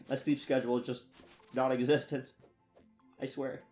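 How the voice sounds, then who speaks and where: Slow-talking young man, chatty and self-mocking. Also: medium pitch, flat delivery, a little mellow, soft background music. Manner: chatty, self-mocking, talks to himself while playing. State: tired and yawning. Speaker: let's play gamer. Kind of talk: casual gameplay commentary.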